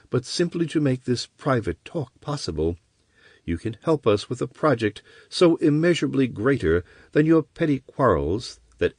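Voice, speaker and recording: A man's voice: medium pitch, a little mellow, no echo, clean studio sound, pitched above the performer's own voice. Chryseis, a cynical seductive sorceress voiced by a man. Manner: silky and coaxing.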